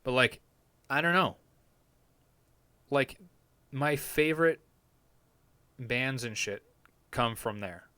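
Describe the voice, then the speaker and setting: A man's voice: mid-range voice, animated, takes it slowly, pauses often, bright, forceful tone, smooth, no room sound. Rambling, profane young man streaming. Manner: rambling, profane, laid-back. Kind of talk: casual live-stream chat. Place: home basement studio.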